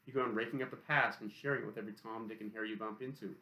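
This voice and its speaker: A man voicing an angry middle-aged father who swears and scolds his son in a low, hard voice, read in an audiobook. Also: steady tone, very fast, sharp tone. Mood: angry scolding. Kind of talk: audiobook character voice. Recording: roomy echo.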